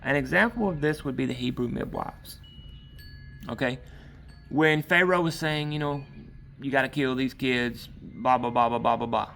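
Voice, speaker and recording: A man's voice: mid-range voice, normal speed, creaky, fairly bright tone, faint music behind. A man preaching an informal sermon outdoors, talking in a loose, conversational way with frequent asides. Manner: conversational, rambling, frequent "all right". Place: outdoors in a yard.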